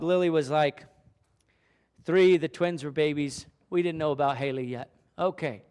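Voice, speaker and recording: A man pastor preaching a sermon, telling a story and then building to loud, emphatic questions. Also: sits high.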